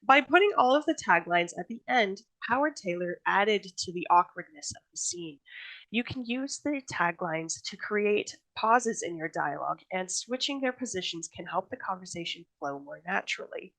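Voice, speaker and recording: A woman's voice: mid-range voice, lively intonation, moderate pace, vocal fry, fairly bright tone, low-quality recording. A woman author giving a recorded workshop presentation on writing, in a chatty, friendly teaching tone that laughs easily.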